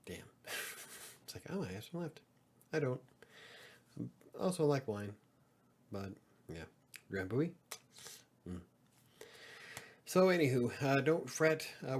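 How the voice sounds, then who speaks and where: A man's voice: mid-range voice, a little mellow. A middle-aged man hosting a live podcast stream, chatting in a rambling, self-deprecating way and swearing casually. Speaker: podcast host.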